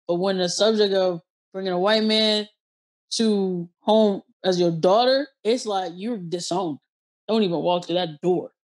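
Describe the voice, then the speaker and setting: A woman's voice: medium pitch, measured pace. Blunt storytelling woman podcast host. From Ohio. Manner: animated storytelling, slangy and blunt. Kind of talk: casual podcast chat.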